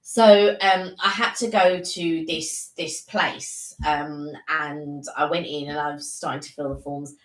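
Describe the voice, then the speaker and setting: Woman co-host, lower voice, rambling chatty anecdotes, echoey room. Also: fairly even intonation, a little slow, hardly any pauses. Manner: rambling anecdotes with many fillers. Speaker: live stream co-host. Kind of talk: casual chat.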